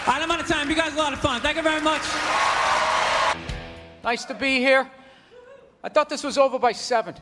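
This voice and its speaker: A man doing a stand-up comedy set on a club stage, rambling and animated with constant "you know" asides. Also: very high-pitched, fairly quick, long pauses, heavy background noise. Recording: live club recording with reverb and crowd.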